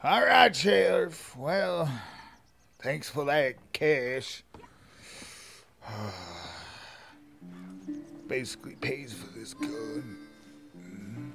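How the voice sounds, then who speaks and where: A man giving casual gameplay commentary, rambling and stammering as he jokes along. His voice is strongly gravelly and fairly high, and he talks slowly. Faint music plays under him. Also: animated, fairly bright tone. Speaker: streamer playing a game.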